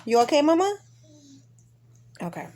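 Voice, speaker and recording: A woman's voice: sits high, moderate pace. A woman in her thirties casually telling a birth story to her viewers, acting out the voices of the people in it. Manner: animated retelling, acting out her own pleas. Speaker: vlogger.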